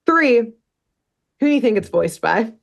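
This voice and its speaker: A woman's voice: fairly high pitch, sing-song, a little slow, creaky. A woman co-hosting a podcast, casually recapping a cartoon episode as a rambling, joking storyteller. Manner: chatty, rambling storyteller with laughs and asides. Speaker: podcast co-host.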